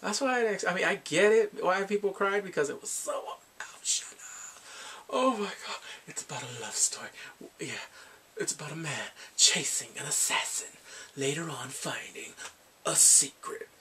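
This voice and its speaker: A man giving a casual spoken drama review, retelling scenes in an animated way and acting out the characters' lines. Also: on the high side, moderate pace, a little hiss or hum.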